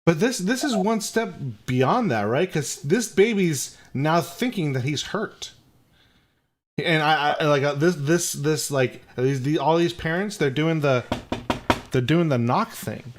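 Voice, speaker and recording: A man co-hosting a casual podcast, rambling with frequent restarts and quick asides. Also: a little high. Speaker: podcast co-host.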